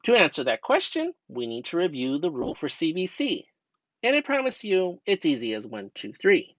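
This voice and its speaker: Lively young man teaching a grammar lesson. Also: on the high side, moderate pace, no echo. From United States. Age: young adult. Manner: patient, step-by-step teacher talk with rhetorical questions. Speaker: student teacher. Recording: dull dry lo-fi voice-over.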